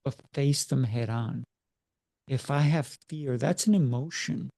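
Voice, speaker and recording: A man's voice: mid-range voice, unhurried, gravelly, dark tone, no room sound, clean studio sound. A man who is a martial arts coach, chatting in an interview over a video call and driving his points home with emphatic rhetorical questions. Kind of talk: casual interview chat.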